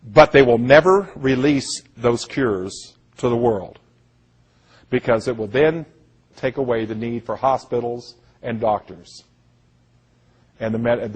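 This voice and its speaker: Husky-voiced man, earnest preaching monologue, mid-range pitch. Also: darkish tone. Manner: earnest, repeats "listen to me", quotes others in voices. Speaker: speaker giving a presentation. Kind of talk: impassioned monologue, storytelling.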